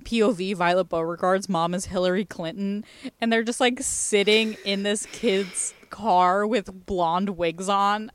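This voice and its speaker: A woman's voice: medium pitch, fairly even intonation, a little slow, smooth, no room sound. A young woman chatting casually on a podcast, breaking into laughter and tossing in swear words. She retells funny videos in a loose, rambling way. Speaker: podcast co-host. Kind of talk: casual chat.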